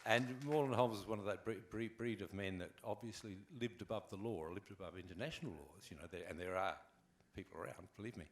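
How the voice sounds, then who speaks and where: A man's voice: fairly low pitch, fast talker, hardly any pauses, background noise. An older man with an Australian accent, an actor telling wry stories as a guest on a convention panel. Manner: animated, wry, acts out anecdotes. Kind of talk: relaxed anecdotal storytelling.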